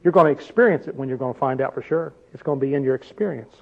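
A man's voice: mid-range voice, racing, creaky. An older man preaching a sermon in a conversational way, often asking his listeners questions. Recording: dull lo-fi recording.

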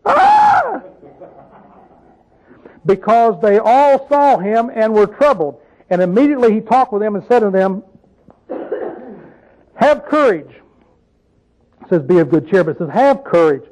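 Poor audio carries a high, expressive, somewhat mellow man's voice that moves fairly quickly. His informal Bible talk feels like a conversation, as he asks listeners questions and weaves in folksy little stories.

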